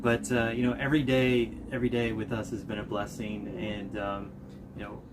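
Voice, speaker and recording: A man's voice: lowish voice, monotone, normal speed, noisy background. An American man casually and earnestly recounting memories with his wife. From United States. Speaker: interviewee, husband. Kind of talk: casual storytelling. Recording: music in the background.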